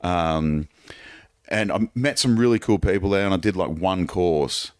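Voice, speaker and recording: A comedian on a podcast, telling stories in an easygoing, swearing way. His voice is fairly low. The sound is dry and close. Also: measured pace, no echo. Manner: laid-back, swearing, storytelling. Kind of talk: casual chat.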